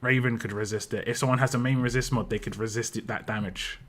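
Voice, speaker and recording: A man's voice: medium pitch, fairly even intonation, quick pace. A man with a British accent talking casually on a game stream, rambling through chat questions with lots of fillers and restarts. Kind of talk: casual live-stream commentary.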